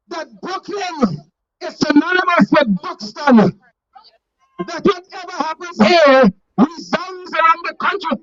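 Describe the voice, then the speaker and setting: A speaker rallies a street crowd in a very high, piercing voice and leads call-and-response chants. The delivery is slow and deliberate, with each line driven home. The recording is dull and muffled, as if captured on a basic device at the scene. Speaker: rally speaker. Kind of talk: political rally speech. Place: outdoor street rally.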